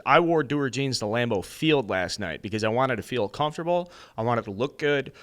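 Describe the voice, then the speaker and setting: A man's voice: medium pitch, animated, normal speed, hardly any pauses, a bit bright. Chatty American guy rambling. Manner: loose and rambling, lots of fillers. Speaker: podcast co-host. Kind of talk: casual sports chat with host-read ad.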